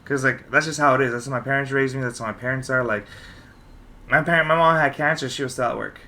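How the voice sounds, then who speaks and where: A man hosting a casual podcast chat, telling animated stories and swearing freely. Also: medium pitch, quick pace. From Los Angeles. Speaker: podcast host.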